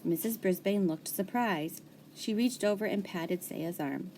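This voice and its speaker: A woman reading a children's chapter book aloud, with lively, expressive storytelling. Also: on the low side, measured pace, slight background noise. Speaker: audiobook reader.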